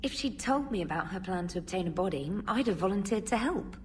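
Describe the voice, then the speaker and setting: An actress playing a brisk, helpful female communications officer on a starship in a video game, heard from a distance. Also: medium pitch, lively intonation, slight background noise, close to an everyday voice. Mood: briefing.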